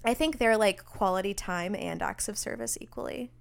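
A young woman co-hosting a casual chat, teasing and quick to laugh. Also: medium pitch, very animated, vocal fry, clean tone. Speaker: podcast co-host.

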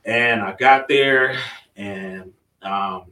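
A man's voice: on the low side, extremely slow, recorded from a distance, noisy background. A man co-hosting a podcast, telling a story in a laid-back, hesitant way with many fillers. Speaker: podcast co-host. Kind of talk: casual storytelling chat. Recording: roomy sound from off the mic.

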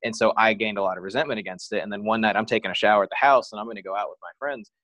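Speaking rapid-fire in a slightly bright voice on the low side, this podcast guest recounts a personal story with candor and ease, using "like" constantly as filler. There's no echo on the recording.

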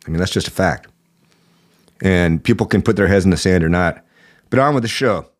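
A man's voice: deep voice, brisk. A man hosting a political podcast, giving indignant commentary with a sore throat. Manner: indignant, rising emphasis. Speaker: podcast host.

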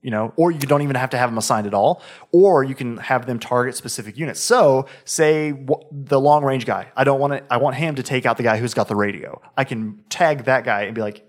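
A man's voice: medium pitch, a little fast. A man in casual chat, describing a video game eagerly, often restarting his sentences. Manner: rambling, self-correcting, enthusiastic.

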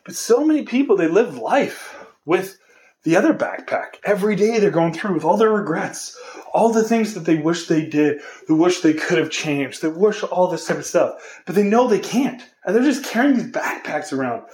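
A man's voice: high-pitched, expressive, moderate pace, a little mellow. A man hosting a podcast, giving an earnest, encouraging motivational monologue straight to his listeners. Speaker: podcast host.

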